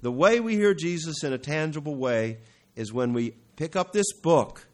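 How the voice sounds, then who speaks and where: A man preaching a sermon, building to emphatic, louder peaks and then dropping to low, quiet stretches, with self-corrections and occasional throat-clearing. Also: expressive, moderate pace. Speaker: pastor.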